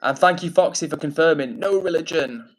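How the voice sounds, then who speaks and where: A man's voice: a little high, fairly quick, poor audio. A man hosting a casual live stream on his phone, chatting and reading out viewer messages. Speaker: livestream host.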